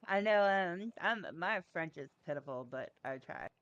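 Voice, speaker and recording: A woman's voice: lowish voice, animated, moderate pace, fairly bright tone, no echo, lo-fi sound. A woman roleplaying in character, friendly and hesitant with many ums.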